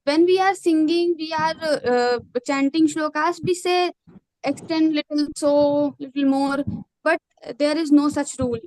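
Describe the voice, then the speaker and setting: A woman's voice: sits high, steady tone, normal speed, a little mellow, no room sound, rough recording. A woman teaching grammar to students over a video call, explaining patiently step by step. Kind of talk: online class teaching.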